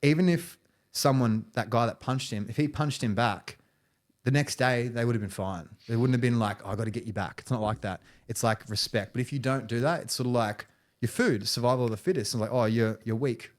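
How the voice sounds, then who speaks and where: A man's voice: medium pitch, a little fast. A man, a podcast guest, telling stories in casual conversation, rambling and restarting phrases, with frequent "you know" and "right".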